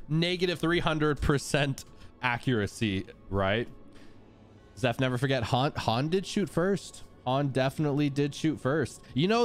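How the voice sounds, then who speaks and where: A man hosting a live gameplay stream, chatting upbeat with his viewers and greeting them casually. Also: mid-range voice.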